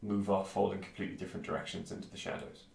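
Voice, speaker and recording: A man narrating a tabletop game as game master, slowly and hesitantly. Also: sits low, completely flat delivery, creaky, darkish tone. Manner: slow, hesitant, many ums. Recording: roomy, distant mic.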